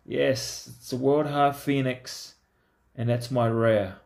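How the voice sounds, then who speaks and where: A man's voice: mid-range voice, fairly even intonation, takes it slowly, creaky, a little mellow. A man giving casual, chatty commentary to himself as he opens trading card packs. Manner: talks to himself, easygoing and chatty. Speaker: card-opening vlogger.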